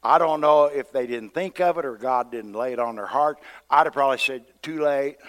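A man's voice: mid-range voice, fairly quick, a bit bright. A man preaching a sermon to his church in a conversational, storytelling way, acting out what the people in the story say. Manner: conversational storytelling preacher who acts out quotes. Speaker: pastor. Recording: long hall reverb.

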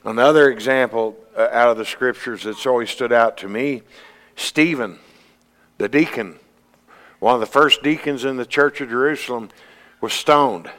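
A man preaching a sermon, earnest, climbing to emphatic peaks and then dropping low. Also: normal speed, fairly bright tone. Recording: long hall reverb.

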